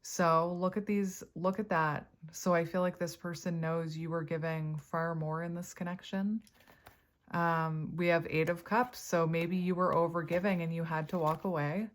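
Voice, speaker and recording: A woman with a somewhat low voice gives a casual tarot reading straight to her viewers. She chats freely, thinks out loud and laughs often as she turns the cards. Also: steady tone, normal speed. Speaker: tarot reader.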